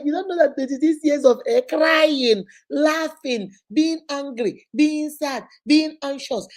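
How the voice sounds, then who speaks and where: A middle-aged woman, hosting a show and telling family stories in a lively, exclaiming way. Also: on the high side. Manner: animated, exclaiming, laughing often. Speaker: host. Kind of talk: casual storytelling chat.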